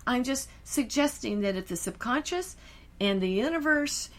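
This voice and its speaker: A woman's voice: a little high, expressive, normal speed. A woman co-hosting a podcast, a hypnotherapist chatting about her sessions in a confident, breezy and emphatic way. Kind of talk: casual podcast chat.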